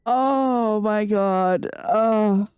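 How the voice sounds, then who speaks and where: A woman's voice: medium pitch, extremely slow, darkish tone, smooth, no room sound, studio quality. A woman live-streaming a game, ranting and swearing in casual chat with her viewers. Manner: profane, ranting, laughing.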